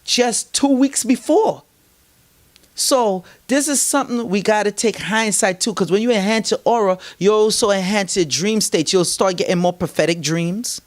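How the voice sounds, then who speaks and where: A man's voice: high-pitched, moderate pace. A man being interviewed who tells his stories animatedly, acts out the voices of people he quotes and gives spiritual advice. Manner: lively, acts out quoted voices, laughs mid-story. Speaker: interview guest.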